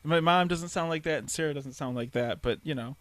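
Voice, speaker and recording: A young man co-hosting a podcast in casual chat, laughing often and mimicking other people's voices in a high pitch. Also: fast, a bit bright, dry recording. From Detroit area. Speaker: podcast co-host.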